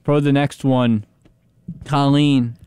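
A young man hosting a casual guessing game, asking slow deliberate questions and laughing often. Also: mid-range voice, little pitch movement, dark tone, clear, resonant tone, dry recording, studio quality. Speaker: game host. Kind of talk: game show banter.

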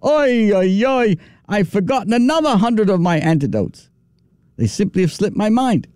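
A man's voice: high-pitched, very animated, normal speed, a little mellow, clean tone, dry recording, clean studio sound, pitched above the performer's own voice. A man voicing a fretful male fox storyteller who exclaims in a sing-song way.

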